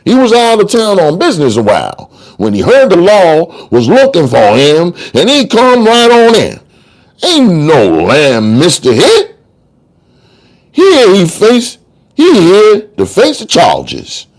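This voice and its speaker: A man's voice: on the high side, huge pitch swings, measured pace, pauses often, heavily acted. A man doing a slangy, showboating trial lawyer. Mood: mocking. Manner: slangy, sing-song courtroom oratory. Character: fast-talking street-smart male trial lawyer. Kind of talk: dramatic audiobook reading.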